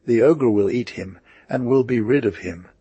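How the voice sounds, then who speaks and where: A man narrating a folktale for an audiobook in a measured storytelling manner. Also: medium pitch, mellow, husky, dry recording, lo-fi sound. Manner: slow, measured reading with small slips.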